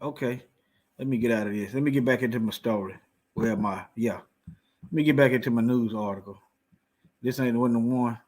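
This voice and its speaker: A man's voice: medium pitch, fairly quick, pauses often, a little mellow. A man commenting on news articles in a heated, preaching way, firing off rhetorical questions and repeating lines for emphasis.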